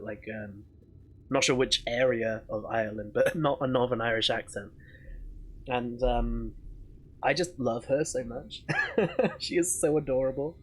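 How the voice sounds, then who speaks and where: A man's voice: mid-range voice, husky. A man streaming a story game live, chatting casually, swearing and laughing often.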